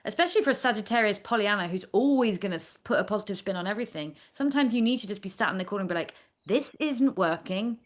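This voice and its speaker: A woman's voice: mid-range voice, lively intonation, very fast, few pauses. A woman guest in a casual interview, a chatty storyteller who talks in a playful, candid way. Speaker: astrologer guest.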